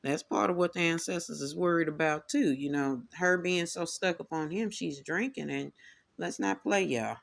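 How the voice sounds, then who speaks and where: A man's voice: fairly high pitch, moderate pace, gravelly, fairly bright tone. A man giving a tarot reading as the host, talking in a sassy, casual way and often calling the listeners "honey" and "y'all". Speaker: tarot reader. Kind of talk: casual commentary.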